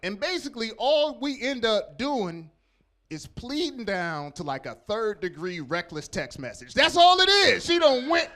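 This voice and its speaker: A man doing a loud, profane stand-up set on a comedy club stage, working the crowd. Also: extremely high pitch, a little slow. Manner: loud, animated, profane storytelling with crowd work.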